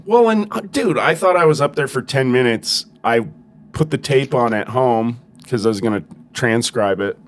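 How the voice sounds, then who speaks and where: A man's voice: mid-range voice, animated, moderate pace. A man, a comedian co-hosting a podcast, chatting in a laid-back, profane, self-deprecating way. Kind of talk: casual chat.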